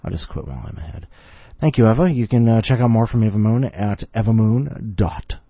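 A man's voice: on the low side, lively intonation, brisk, mellow, slightly rough, no room sound, muffled recording. A man hosting a podcast and introducing stories in a jokey, rambling way. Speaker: podcast host.

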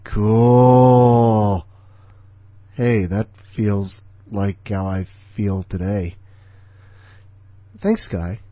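A man's voice: sits low, drawn-out words, pauses often, mellow, dry recording, dull audio. A man in his forties hosting a podcast, rambling casually in an offhand, grumbling, sardonic way. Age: 40s. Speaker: podcast host.

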